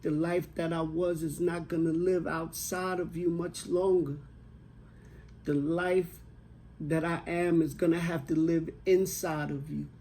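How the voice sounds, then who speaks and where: A man voicing his dying elderly mother, who speaks slowly, plainly and tenderly but firmly. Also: on the high side, little pitch movement, mellow, slight background noise. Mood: earnest. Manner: slow, plain-spoken, tender but insistent.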